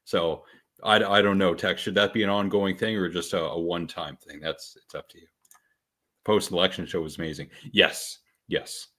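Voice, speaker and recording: A man hosting a casual podcast, chatting with crude, joking, deadpan asides. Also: sits low, normal speed. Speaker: podcast host.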